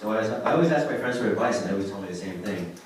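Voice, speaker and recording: A man's voice: on the low side, racing. A man in his twenties from Oregon doing a casual stand-up comedy set, telling stories and slipping into quoted voices. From Oregon, USA. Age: 20s. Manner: casual, lively storytelling with put-on quoted voices. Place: comedy club stage. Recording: echoey club from far off, loud crowd. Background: audience laughter.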